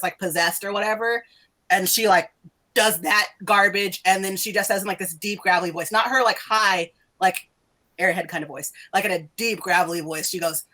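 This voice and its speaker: A woman's voice: medium pitch, bright, forceful tone. A woman narrating as game master of a tabletop role-playing game, talking loosely with lots of "like" and laughter. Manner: loose, chatty, full of "like" and laughs.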